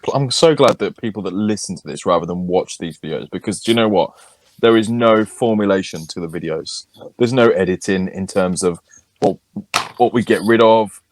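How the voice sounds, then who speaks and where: A man with a fairly low voice trades crude, joking banter as a podcast co-host. The sound is close and dry, with no room around it. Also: normal speed, no echo. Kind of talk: casual chat.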